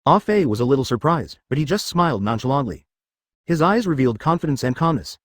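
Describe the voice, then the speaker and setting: A man's voice: mid-range voice, sing-song, quick pace, no room sound, clean studio sound. A male text-to-speech voice narrating a fanfic story in a machine reading that reads out stray words.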